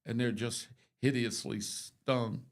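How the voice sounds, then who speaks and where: Gravelly older man rambling through stories. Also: mid-range voice, fairly even intonation, takes it slowly. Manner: rambling storyteller with many restarts and asides. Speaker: radio show host. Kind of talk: casual morning show chat.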